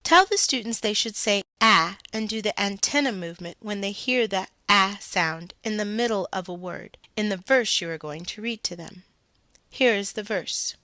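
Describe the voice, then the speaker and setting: Taking the part of a reading teacher, a woman goes through a scripted phonics lesson slowly and deliberately, accenting each sound for the learner. Her voice is medium in pitch and fairly bright, without echo.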